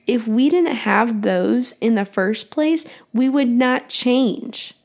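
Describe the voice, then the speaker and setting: A woman's voice: a little high, a little mellow. A young adult woman hosting a solo podcast, talking in a casual, encouraging way with lots of "like" and some mild swearing. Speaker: podcast host.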